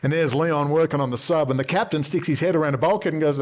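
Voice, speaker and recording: A man's voice: a little high, fast, lo-fi sound. An Australian man in his fifties who rambles casually through stories, swearing freely and chuckling at his own anecdotes. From Western Australia. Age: 50s. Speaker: commentator. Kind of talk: rambling monologue.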